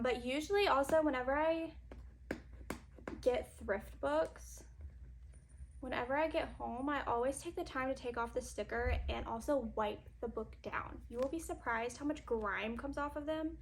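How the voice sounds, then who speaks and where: A woman's voice: sits high, normal speed, slight background noise. Breathless chatty young woman. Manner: chatty, filler-heavy, uses "y'all". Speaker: book vlogger. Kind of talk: casual chat.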